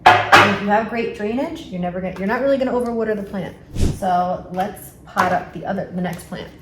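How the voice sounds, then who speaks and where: A woman with a New York accent talks viewers through plant care in a loose, chatty way, often stopping to correct herself. Her voice sits at an ordinary middle pitch. The room sounds echoey, and a steady background noise runs under her voice. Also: fairly quick. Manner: chatty, with frequent fillers and self-corrections. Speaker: plant vlogger. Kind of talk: casual how-to vlog.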